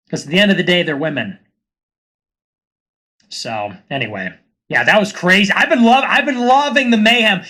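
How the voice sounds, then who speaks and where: Bright, high-voiced man ranting sarcastically. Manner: sarcastic, rambling, slips into mocking put-on voices. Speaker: livestream host. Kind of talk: casual ranting monologue.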